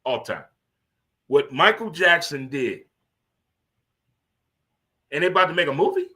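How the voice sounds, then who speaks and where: Man in his fifties, host, bright forceful delivery, voice sits a bit high. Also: a little slow. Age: 50s. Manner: animated, preachy, swearing, laughing asides. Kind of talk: casual radio-style monologue.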